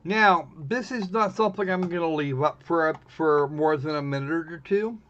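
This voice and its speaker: A man's voice: fairly high pitch, normal speed, fairly bright tone. A man hosting a live stream, chatting casually in a wry, rambling way and often correcting himself mid-sentence. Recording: muffled lo-fi stream audio.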